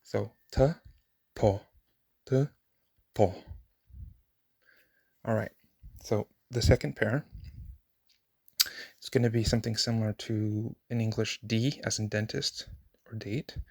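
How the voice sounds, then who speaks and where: A man teaching a language pronunciation lesson, explaining slowly and repeating example words carefully. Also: lowish voice, fairly even intonation, creaky, no echo, studio quality.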